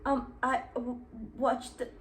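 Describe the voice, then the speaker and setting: A timid, trembling young woman who stutters on every other word and pleads softly, in an overdone fake British accent, as a woman puts her on. Her voice is fairly high and often drops to a small hush. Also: level tone, takes it slowly, recorded from a distance. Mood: scared stutter. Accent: put-on British.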